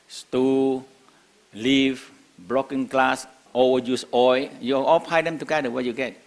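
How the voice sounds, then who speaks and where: Older male teacher, non-native English, casual lecture, laughs often, rhetorical questions. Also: medium pitch. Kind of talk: spoken lecture to a class.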